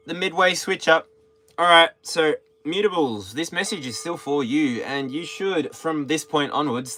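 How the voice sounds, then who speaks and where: A man's voice: a little high, bright, forceful tone. An Australian man hosting a tarot livestream, chatting playfully and breaking into snatches of song. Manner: playful, sings snatches of songs between remarks. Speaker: tarot reader, livestream host. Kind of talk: casual livestream chat with singing.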